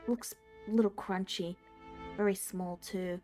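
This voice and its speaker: A woman voicing a big, hungry spider in a tabletop game, musing slowly about whether her prey is worth eating. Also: mid-range voice, steady tone, a little mellow, faint music behind, close to an everyday voice. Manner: slow, musing, predatory. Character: hungry giant spider, slow and menacing.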